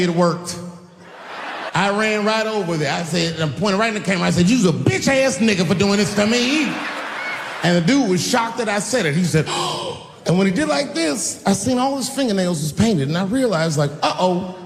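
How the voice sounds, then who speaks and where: A man doing stand-up on a big stage, his voice lively and swinging through its pitch as he tells crude, animated stories. He sits a little high for a man, with a long hall reverb trailing each line. A faint ambience sits under the whole recording. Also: vocal fry, a little hiss or hum. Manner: profane, animated storytelling with acted-out voices. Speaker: stand-up comedian. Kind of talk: stand-up comedy. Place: stage in a large venue.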